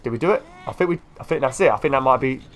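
A man's voice: mid-range voice, very fast, a little hiss or hum. A man doing let's-play commentary, swearing and scolding a game creature. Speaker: gaming YouTuber.

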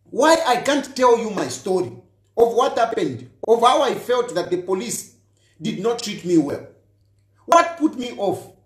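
Reverberant and very high-pitched, a Zambian politician launches a heated, accusatory address straight at the person he's speaking to. Repetition is his tool for pounding his arguments home.

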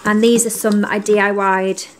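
A woman's voice: medium pitch, level tone, moderate pace, a little hiss or hum. A young woman chatting casually to camera in an upbeat vlog about her home and Christmas tree, with lots of ums. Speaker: lifestyle vlogger. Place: home living room. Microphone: camera mic. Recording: roomy home room.

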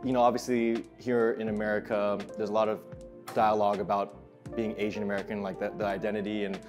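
Fast-talking male interview host. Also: fairly low pitch, flat delivery. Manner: upbeat and quick, leading with questions. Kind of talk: interview hosting. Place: cafe. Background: background music.

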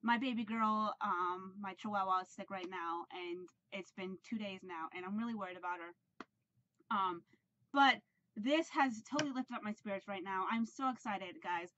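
A woman vlogger in a casual video, talking excitedly and rambling with many fillers and restarts. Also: medium pitch, normal speed, muffled recording, slight background noise. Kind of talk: casual vlog unboxing.

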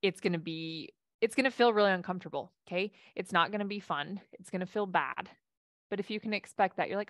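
A woman's voice: medium pitch, quick pace, fairly bright tone, no room sound, studio quality. A woman life coach giving a casual coaching talk and answering audience questions, with a chatty delivery full of restarts.

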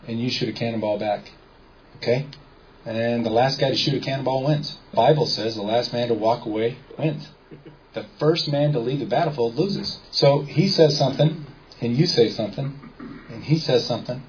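Man, mid-pitched voice, casual lecture, storyteller asking the room questions, muffled lo-fi recording. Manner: storytelling, quotes people in dialogue, asks the audience questions. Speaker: seminar speaker. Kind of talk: casual lecture to a small audience. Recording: dull lo-fi recording with faint background noise.

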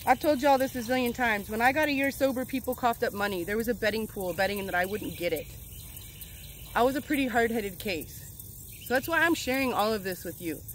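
This middle-aged woman, a well-being coach, speaks a little fast in a fairly high pitch for her motivational vlog. She's outdoors among birds, casual yet earnest, affirming and emphatic, with slight background noise.

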